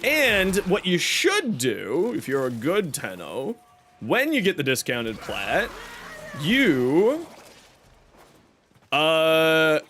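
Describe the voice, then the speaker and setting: A man's voice: fairly high pitch, huge pitch swings, very slow, pauses often, a bit bright, faint music behind. A young man chatting casually on a live game stream, upbeat and talkative as he announces giveaways and thanks viewers. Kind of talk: casual live-stream chat while gaming.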